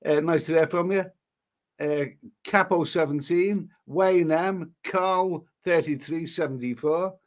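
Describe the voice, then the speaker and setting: This middle-aged English live streamer has a voice on the high side and speaks slowly. Casual and chatty, he rambles on as he reads out viewer names and their messages.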